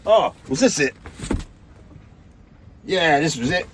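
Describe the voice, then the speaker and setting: A man's voice: on the high side, expressive, slow pace, slightly rough. A British man rummaging through old tapes and magazines on a livestream, muttering and exclaiming to himself. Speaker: co-host showing his collection. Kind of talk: casual livestream chat.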